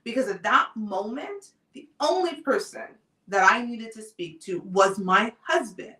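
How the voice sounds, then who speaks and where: Woman host, calm and measured storytelling, roomy sound a little away from the mic. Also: a little high, recorded from a distance. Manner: calm, deliberate personal storytelling. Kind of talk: live talk show monologue.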